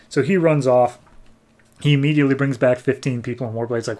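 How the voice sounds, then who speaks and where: A man's voice: medium pitch, fairly even intonation, fairly quick, a little mellow. A man co-hosting a podcast, retelling a comic story in a rambling, filler-heavy casual way. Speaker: podcast co-host. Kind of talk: casual comic book recap.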